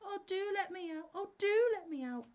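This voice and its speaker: Haughty male bottle spirit as a woman reads it, menacing, shrill pleas, booming threats, storybook. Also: expressive, moderate pace, darkish tone. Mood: shrill pleading. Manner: squeals pleadingly when trapped, booms when free.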